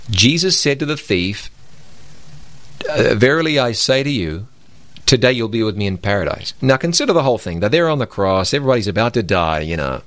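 A man's voice: fairly low pitch, big pitch swings, a little fast, a bit bright, no echo. Emphatic man preaching on radio. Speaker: Bible program co-host. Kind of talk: radio Bible discussion.

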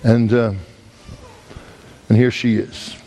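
A male evangelist preaching a storytelling sermon, animated and joking with the congregation, acting out sounds and voices. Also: medium pitch, takes it slowly, slight background noise.

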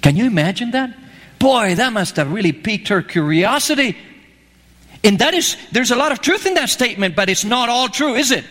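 A man's voice: extremely high pitch, lively intonation, a little fast, a bit bright, in a large hall. A man preaching a sermon, telling a story with animation and acting out the lines he quotes.

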